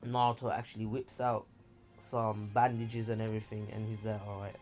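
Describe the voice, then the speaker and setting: A man's voice: on the low side, flat delivery, normal speed, a little mellow, faint music behind. A man casually narrating a fan-made story as a channel host, chatty and rambling with fillers and slang.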